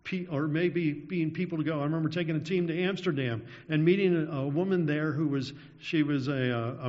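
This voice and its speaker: A man preaching a sermon, telling anecdotes with small chuckles and then slowing into a prayer. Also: fairly high pitch. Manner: anecdotal, chuckles through stories, slows down in prayer. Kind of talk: sermon storytelling ending in prayer. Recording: dull lo-fi sound with long hall reverb.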